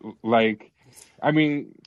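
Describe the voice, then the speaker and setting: A man's voice: mid-range voice, slow pace, phone-quality sound. A man hosting a call-in podcast, chatting in an opinionated way with frequent fillers and restarts, speaking into a tablet mic. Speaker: podcast host. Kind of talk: casual chat.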